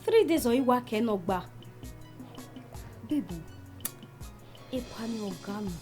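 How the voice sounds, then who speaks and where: A woman's voice: on the high side, lively intonation, a little slow, warm tone, soft background music. A greedy, giggly Nigerian girlfriend. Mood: gossiping. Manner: coaxing, giggly, mixes pidgin. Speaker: girlfriend asking for money.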